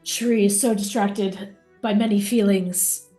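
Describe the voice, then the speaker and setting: A woman's voice: medium pitch, fairly even intonation, unhurried, dark tone, faint music behind. A woman player in a tabletop game, describing her character earnestly.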